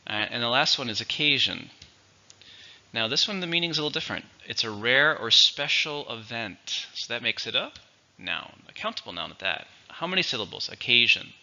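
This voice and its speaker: A man teaching English vocabulary in a slow, clear, instructive way. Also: mid-range voice, sing-song, pushed and bright. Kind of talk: vocabulary lesson. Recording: dull, lo-fi recording.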